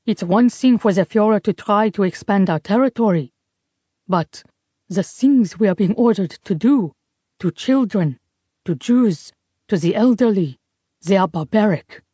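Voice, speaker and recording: A woman voicing an earnest young male German soldier with a German accent, speaking quietly and sincerely. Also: medium pitch, expressive, a little slow, breathy edge, dry recording, lo-fi sound.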